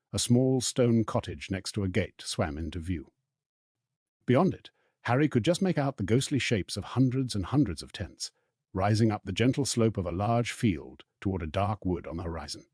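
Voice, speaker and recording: A man narrating an audiobook in a steady, storytelling read. His voice sits deep and a little husky. The sound is dry and close. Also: no room sound.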